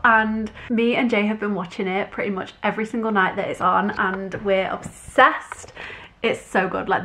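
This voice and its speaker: A woman's voice: medium pitch, fairly bright tone. A young woman with an English accent chatting casually to a handheld camera as a lifestyle vlogger, gushing and filling her talk with "literally" and "like.". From England. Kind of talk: casual vlog chat to camera.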